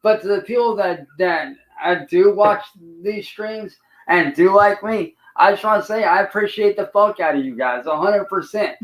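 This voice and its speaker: Brief: man, high voice, profane heated streamer rant. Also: normal speed, echoey room, rough recording. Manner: angry, profane, ranting. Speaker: livestream host.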